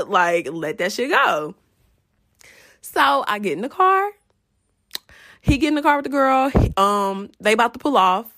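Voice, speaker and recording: A woman's voice: a little high, unhurried, pauses often. A young woman casually telling a profane storytime straight to her viewers. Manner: animated, profane, addresses viewers as y'all.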